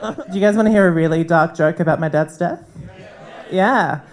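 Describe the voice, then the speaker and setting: A woman comedian doing a dry, dark stand-up set with frank asides, on a comedy club stage into a handheld mic. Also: fairly low pitch, normal speed, a faint crowd.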